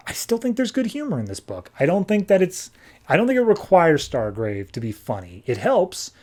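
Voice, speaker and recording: A man's voice: fairly high pitch, dark tone. Rambling man reviewing comics casually. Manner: rambling, conversational. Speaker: podcast host.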